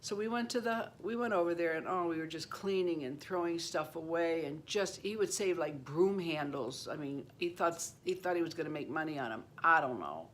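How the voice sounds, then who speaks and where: A woman's voice: low voice, lively intonation, normal speed, few pauses, a little hiss or hum. Older woman telling a rambling personal story. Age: 70s. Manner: rambling, circling back with "anyway" and "you know". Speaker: channel host. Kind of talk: personal story told to camera.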